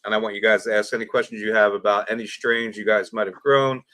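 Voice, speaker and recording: A man's voice: fairly low pitch, fairly even intonation, fast talker, sharp tone, no room sound. A man hosting a casual livestream, friendly and easygoing, taking questions from viewers. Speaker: livestream host.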